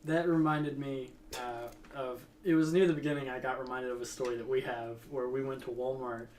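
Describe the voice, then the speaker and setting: A man's voice: mid-range voice, fairly even intonation, a little fast, darkish tone, distant mic, a little hiss or hum. A young man chatting casually, joking and laughing in teasing banter. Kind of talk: casual chat.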